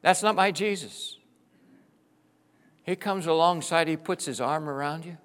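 A middle-aged male pastor preaching with passion, swinging between loud exclamations and hushed, tender passages. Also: on the high side, a little slow. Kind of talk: sermon.

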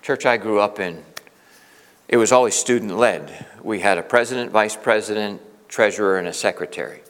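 A man's voice: on the low side, normal speed, a bit bright. A middle-aged man preaching a storytelling sermon, earnest and conversational, often restarting his sentences. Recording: long reverb of a large hall.

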